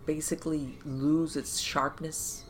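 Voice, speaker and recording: A woman podcast host giving conversational advice, animated and talking in loose run-on phrases full of fillers, often acting out inner voices. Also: low voice, slow pace, a little hiss or hum. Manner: animated, acts out inner voices and quoted thoughts.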